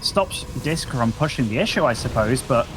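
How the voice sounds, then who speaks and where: A man's voice: medium pitch, animated, normal speed, noisy background. A man casting a live strategy game match, chatty and upbeat, bantering with his co-caster. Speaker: esports caster.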